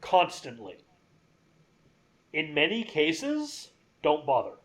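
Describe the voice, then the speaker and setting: A man's voice: on the high side, wildly swooping pitch, slow, fairly bright tone. A man co-hosting a casual gaming podcast, rambling enthusiastically through game and movie trivia. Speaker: podcast co-host.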